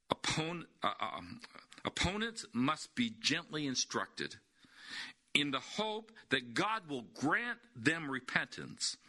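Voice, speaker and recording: A man's voice: medium pitch, bright, forceful tone. A man preaching a sermon, emphatic, repeating key words and asking rhetorical questions.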